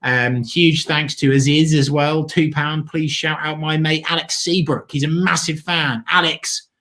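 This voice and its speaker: A man's voice: fairly high pitch, fairly even intonation, measured pace. A man co-hosting a football watchalong, enthusiastically thanking donors and giving match updates. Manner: enthusiastic, reads out donations, shout-outs. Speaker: fan channel co-host. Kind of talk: casual watchalong chat.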